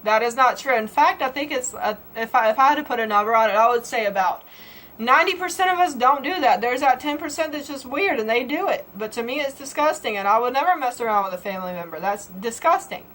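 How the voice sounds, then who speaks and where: A woman's voice: a little high, lively intonation, fast talker, fairly bright tone, low-quality recording. A young woman from Georgia with a Southern accent, vlogging in a playful, folksy way with an exaggerated drawl. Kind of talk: comedic casual vlog.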